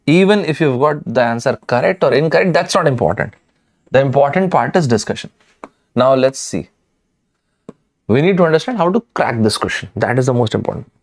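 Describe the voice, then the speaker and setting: A man's voice: mid-range voice, lively intonation, brisk. A man teaching a live online lesson, emphatic and addressing students directly, repeating key words. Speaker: online exam-prep teacher.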